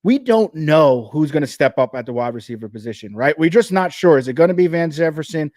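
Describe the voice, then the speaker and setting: A man with a New Jersey accent hosting a live fantasy football show, talking fast and energetically with frequent restarts. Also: fairly high pitch, expressive, a little mellow, no room sound, clean studio sound.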